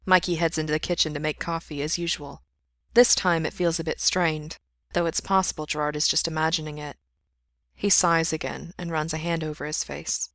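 A woman reads a story aloud in a steady, intimate way, her low voice carrying a gravelly fry. The recording is dry and close, with no room sound. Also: no room sound. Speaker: story reader. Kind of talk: reading fan fiction aloud.

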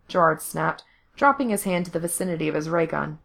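A woman narrating fan fiction aloud in an even, steady reading voice. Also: sits low, brisk, creaky.

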